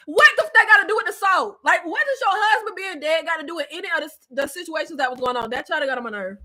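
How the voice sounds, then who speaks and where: A woman hosting a casual live-stream recap chat, animated and slangy, laughing often, with a stuffy nose and scratchy throat. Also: extremely high pitch, quick pace, hardly any pauses.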